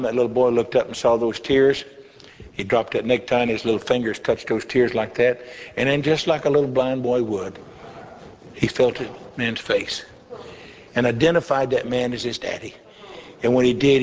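A man's voice: mid-range voice, fairly even intonation, normal speed. An older man, a pastor, telling a folksy testimony in a sermon with chuckling asides. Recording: echoey hall, slightly dull with faint hiss.

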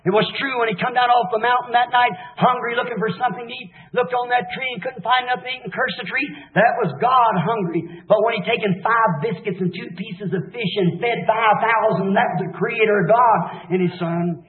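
Brief: fervent man preacher with a very high voice; shouts, then drops to hushed lows; old tinny tape in an echoey hall. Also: steady tone, brisk, hardly any pauses. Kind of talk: impassioned revival sermon.

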